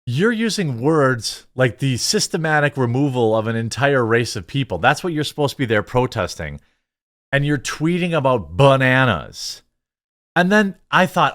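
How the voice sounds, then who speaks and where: A man's voice: mid-range voice, very animated, a little slow, fairly bright tone. A man hosting a reaction commentary show, sarcastic and mocking, stammering through restarts. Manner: sarcastic and mocking, bursts of laughter.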